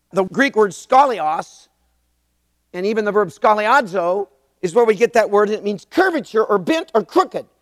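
A pastor in his sixties preaches a sermon, telling animated stories with emphatic repetition. His voice is high, and the clean studio sound has no echo yet carries a big-room quality.

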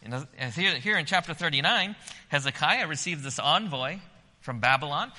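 A man preaching a sermon. He swells to loud, emphatic peaks when reading scripture and drops low when he explains. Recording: long hall reverb.

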